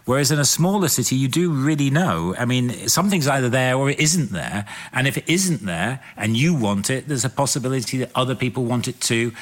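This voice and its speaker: A man's voice: medium pitch, a bit bright. A man, speaking at length in an interview in an articulate, expansive and reflective way.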